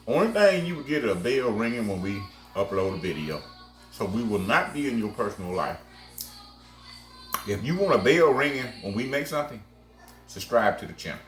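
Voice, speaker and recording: A man's voice: on the low side, sing-song, moderate pace, long pauses, fairly bright tone. A man hosting a home baking channel, chatting casually and exclaiming over his cake while calling viewers baby and sweetheart. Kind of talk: casual cooking vlog chat. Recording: echoey room, faint music behind.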